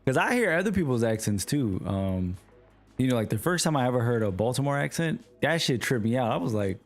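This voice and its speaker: Laid-back New York streamer. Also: male voice, medium pitch, a little fast, soft background music. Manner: relaxed, slangy, talks to chat. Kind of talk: casual livestream chat while gaming.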